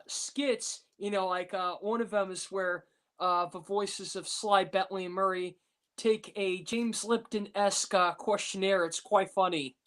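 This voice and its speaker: A woman's voice: medium pitch, clear, resonant tone. A woman chatting casually on a podcast, rambling with many fillers. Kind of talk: casual chat.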